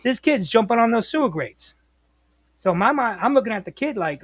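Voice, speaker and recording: A man, a former bus operator telling stories as a podcast guest in a lively, slangy way. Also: very high voice, normal speed, no echo. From New York, US. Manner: animated, slangy, acts out quotes. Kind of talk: casual storytelling.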